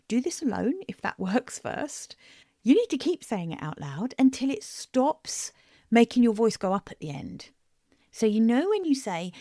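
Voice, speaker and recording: A woman's voice: medium pitch, vocal fry, dark tone, no echo, clean studio sound. A woman hosting her own coaching podcast, talking directly and emphatically to listeners, repeating phrases to drive each point home. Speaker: business coach and podcast host. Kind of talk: solo podcast monologue.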